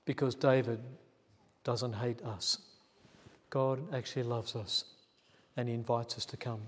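A male pastor speaks a little slowly in a level, mid-range voice while telling a story in his sermon. He keeps it conversational, voicing the quoted parts and laughing at himself, and the sound carries a long church reverb.

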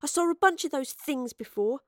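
A woman's voice: high voice, expressive, normal speed, no echo, clean studio sound, pitched above the performer's own voice. A woman voicing a blunt, defiant young working-class woman in an audiobook, clipped and slangy. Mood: urgent. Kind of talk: audiobook character voice.

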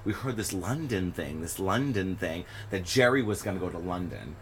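A man guest on a podcast, telling stories in a casual interview, animated and often laughing as he acts out what people said. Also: deep voice, normal speed, slight background noise, poor audio. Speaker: podcast guest, stage performer.

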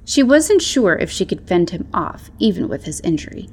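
A woman narrating a storybook tale in a measured, soft-spoken way. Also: fairly low pitch, very animated.

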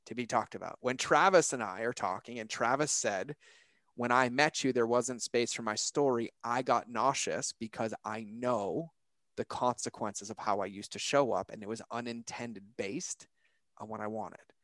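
A man's voice: mid-range voice, normal speed, fairly bright tone, dry recording. A man with a mid-range voice speaks earnestly in a reflective podcast chat, casual and searching, leaning on fillers like "like" and "right?". The sound is dry and close, with little room around it.

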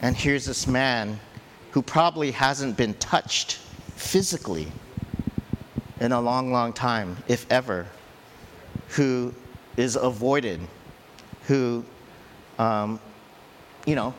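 A man preaching a sermon as pastor, animated and chatty, often laughing and jumping up in pitch to stress a point. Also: slow pace, pauses often, long reverb tail, a little hiss or hum.

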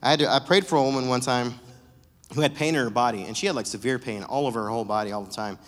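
A male pastor giving a casual, joking sermon with animated storytelling. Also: mid-range voice, quick pace, big-room sound.

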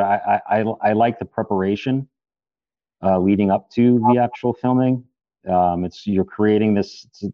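A man's voice: fairly low pitch, no echo, lo-fi sound. A man, an actor, chatting casually in an interview, rambling with many restarts and fillers.

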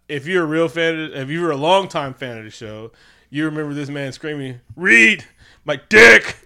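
A man's voice: a little high, fairly bright tone, smooth. A man co-hosting a casual movie review chat, profane and joking, acting out scenes in silly voices. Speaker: podcast co-host.

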